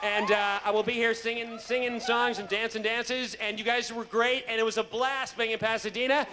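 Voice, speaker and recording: A very high-pitched male voice at normal speed shares a humorous backstage story with a convention audience. The guest actor laughs often and trips over his words in this animated, casual on-stage telling, recorded in a reverberant hall with faint crowd noise.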